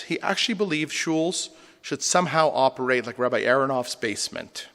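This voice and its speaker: A man's voice: medium pitch, brisk, a bit bright. A man, a rabbi, lecturing a congregation with humor and rhetorical questions. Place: synagogue hall. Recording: long hall reverb.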